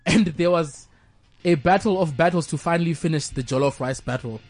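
A man's voice: a little high, fairly quick. A young man from Zimbabwe co-hosting casual sports chat on radio, joking and laughing through football news. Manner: joking, laughs often, tangents into banter. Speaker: co-host. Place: radio studio.

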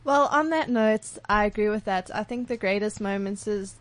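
A woman's voice: mid-range voice, normal speed, no room sound. A young woman, talking earnestly about growing through university life. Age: young adult. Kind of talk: casual chat.

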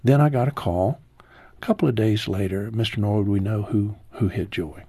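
A man in his sixties, a guest in an interview, telling a heartfelt personal story slowly, his voice falling low and soft at painful moments. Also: breathy edge, no echo.

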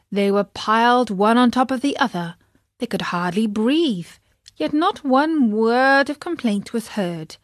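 A woman reading a children's story aloud, slowly and expressively. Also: a little high, no room sound, clean studio sound.

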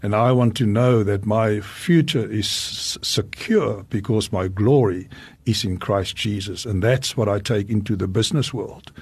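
Husky low-voiced man giving testimony. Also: unhurried, a little mellow, no echo. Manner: reflective, asks rhetorical questions. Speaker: Christian businessman guest. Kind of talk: earnest personal testimony.

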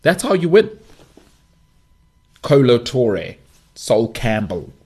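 A man's voice: mid-range voice, takes it slowly, breathy edge. A man in his thirties hosting a sports podcast, giving blunt opinions in an emphatic, casual monologue. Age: 30s. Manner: opinionated, emphatic, lively delivery.

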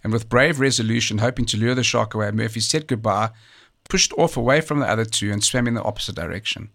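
A man narrating a documentary story in a measured, conversational way, with occasional fillers and restarts. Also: fairly low pitch, creaky, fairly bright tone. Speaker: storyteller recounting a true survival tale. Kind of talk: documentary narration, partly off the cuff.

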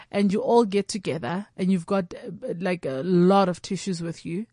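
A woman's voice: on the low side, fairly even intonation, normal speed, few pauses, dark tone, dry recording, studio quality. A woman comedian talking candidly and animatedly. She often slips into quoted voices and imagined dialogue, and restarts her sentences as she goes. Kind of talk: candid conversational chat.

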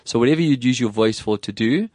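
A man's voice: medium pitch, fast, darkish tone, no echo. A man from South Africa hosting a talk show, chatting thoughtfully and restarting sentences as he thinks aloud. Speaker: host. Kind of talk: conversational talk show chat.

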